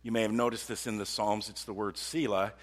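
A man preaching a sermon in an animated way, repeating words and swinging from loud outbursts to hushed tones. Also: lowish voice, brisk. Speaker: pastor. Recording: long hall reverb.

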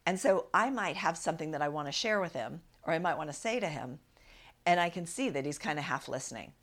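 A woman's voice: sits low, lively intonation, fairly quick, a bit bright. A woman hosting an advice podcast as a relationship coach, talking in a direct, encouraging way and often checking in with listeners.

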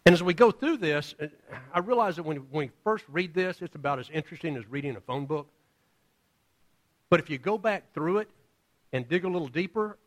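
A male pastor preaches in a relaxed, conversational storytelling style, often acting out the figures he describes. His voice sits a little higher than most men's, and his pitch swings widely and expressively. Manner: casual, storytelling with acted-out voices. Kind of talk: sermon.

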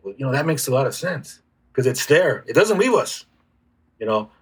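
Man, husky voice, reflective, halting speech, lots of restarts, interview guest. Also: mid-range voice, very animated. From United States. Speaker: guest healer. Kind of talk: casual conversational interview.

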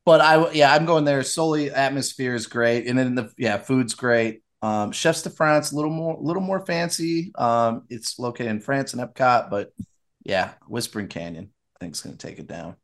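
Man, podcast host, casual chat, upbeat, opinionated, quick asides. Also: medium pitch.

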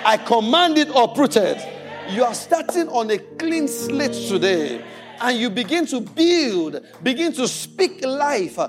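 Animated, high-voiced preacher over music. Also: male voice, slow. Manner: animated preacher, playful mimicking and repeated declarations. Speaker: pastor. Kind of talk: sermon.

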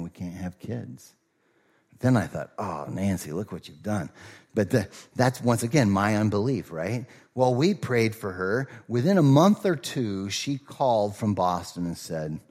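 Middle-aged male pastor, low voice with lively swings, relaxed storytelling sermon delivery. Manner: conversational storytelling with fillers and asides.

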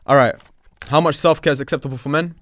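A man's voice: fairly high pitch, steady tone, fast, a bit bright, no room sound. A man co-hosting a podcast, trading jokes in slangy banter. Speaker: podcast co-host. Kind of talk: casual podcast chat.

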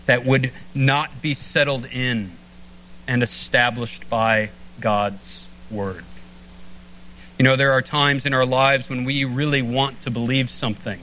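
A man preaching a sermon as pastor, earnest, slowing and dropping low on key phrases. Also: pushed and bright, slight background noise, poor audio.

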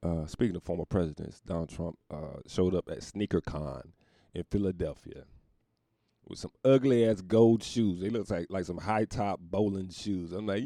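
A man's voice: low-pitched, normal speed, mellow, no room sound, clean studio sound. A young adult man hosting a podcast, riffing profanely and laughing often. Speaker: podcast host. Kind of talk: casual comedic monologue.

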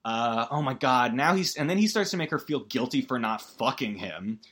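A man's voice: mid-range voice, animated, normal speed, a bit bright. A man giving a casual, rambling movie recap as a podcast host, full of fillers and wry emotion.

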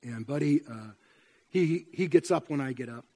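A man's voice: medium pitch, moderate pace, mellow. A man preaching a sermon to his congregation in a church, conversational and often asking them questions. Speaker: pastor. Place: church sanctuary.

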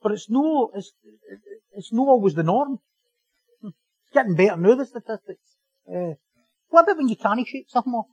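A man preaching a sermon as pastor, animated and joking, repeating phrases for emphasis. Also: high-pitched, normal speed, pauses often, husky, no echo, lo-fi sound.

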